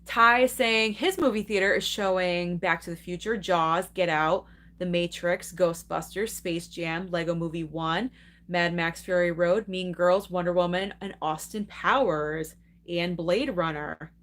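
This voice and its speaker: A woman's voice: lowish voice, a little slow, a bit bright. A young adult woman hosting a live movie stream, chatting casually and enthusiastically while reading and answering viewer comments, laughing often.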